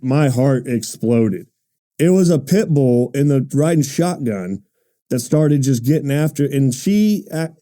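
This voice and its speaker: A man with a very dark, mellow voice tells comic stories as a podcast host. He is animated and self-deprecating, often breaking into laughter, with his pitch sitting in a middle range. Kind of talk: comic storytelling monologue.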